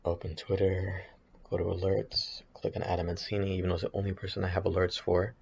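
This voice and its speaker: Deep monotone guy muttering thru his trades, gravelly, bit muffled mic. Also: quick pace, slight background noise. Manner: hesitant, rambling, many restarts and self-corrections. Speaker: options trader streaming his chart analysis. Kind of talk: casual thinking-aloud market commentary.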